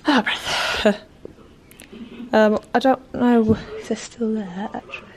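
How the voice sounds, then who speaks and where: Young woman, vlogger; unhurried, giggly, rambling chat; noisy handheld recording. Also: a little high, fairly even intonation. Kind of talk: casual vlog chat.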